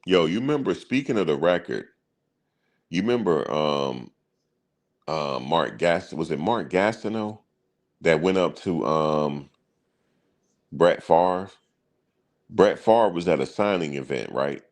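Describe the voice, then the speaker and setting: A man with an extremely low, deep voice hosts a sports channel. He talks in loose, casual banter full of slang and chuckles at his own stories. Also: animated, takes it slowly, long pauses.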